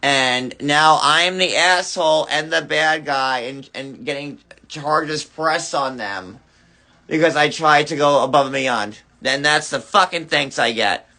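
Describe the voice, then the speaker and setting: A man's voice: a little high, unhurried, pushed and bright. An angry man ranting on a phone livestream, swearing heavily and stammering through restarts. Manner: furious, profane, stammering restarts.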